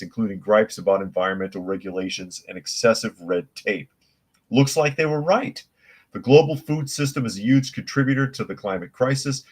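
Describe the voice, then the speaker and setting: Low-voiced opinionated man hosting a live podcast. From United States. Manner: opinionated, scoffing, reads articles aloud then comments. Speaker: podcast host reading news and chat comments. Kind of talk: casual live news commentary.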